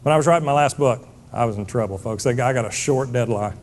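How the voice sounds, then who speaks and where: A middle-aged motivational speaker delivers a keynote on stage to a live audience, blunt and emphatic, calling them folks. His mid-range voice is darkish and fairly quick.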